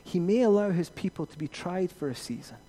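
A man preaching a sermon as pastor, rising to emphatic peaks and then dropping to quiet reassurance. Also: sits high, lively intonation, brisk, breathy edge.

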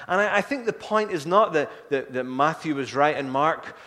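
A man preaching a sermon, earnest, building to urgent pleading and then falling soft and low. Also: lively intonation, moderate pace. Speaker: pastor. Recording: long hall reverb.

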